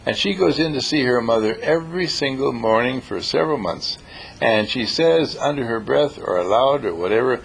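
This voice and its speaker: A man giving an inspirational talk, telling stories in an animated, emphatic way and repeating his key lines. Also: medium pitch, unhurried, gravelly, breathy edge. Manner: animated, repetitive, emphatic storyteller. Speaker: speaker.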